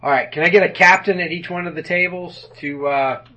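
A man's voice: high voice, brisk, pushed and bright, poor audio. A man leading a men's group meeting in a room with tables, talking in a folksy, joking way with many fillers. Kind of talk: casual meeting address.

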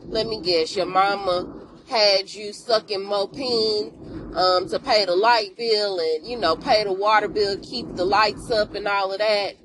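A woman hosting a podcast, telling an episode recap in a casual, animated way and calling out to listeners, with emotional exclamations. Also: mid-range voice, a little slow, background noise. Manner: animated storytelling, addresses listeners with "y'all".

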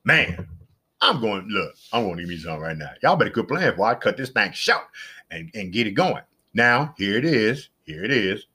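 A middle-aged man hosts a casual solo podcast, chatting and rambling, repeating himself and leaping into excited exclamations. His voice is lowish and a bit breathy, and he talks at a moderate pace.

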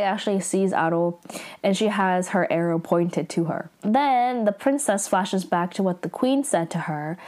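A young adult woman giving a casual episode recap, chatty and full of "like", with quick reactive asides. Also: lowish voice, a little mellow. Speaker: drama recap vlogger.

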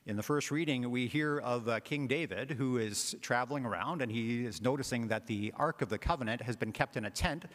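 A man's voice: medium pitch, brisk, few pauses, fairly bright tone. A man, a parish priest, giving a conversational homily with frequent filler words. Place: church. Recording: long church reverb.

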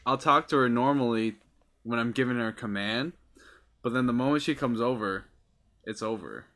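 Young male podcast co-host, bright tone, teasing jokester. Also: mid-range voice, moderate pace. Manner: teasing, joking. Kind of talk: casual chat.

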